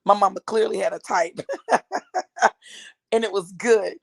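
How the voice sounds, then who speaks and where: Gravelly-voiced woman in her fifties. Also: mid-range voice, fairly even intonation, measured pace, dry recording. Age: 50s. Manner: emphatic, chatty, addresses the audience as y'all. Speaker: author and speaker. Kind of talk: casual storytelling to viewers.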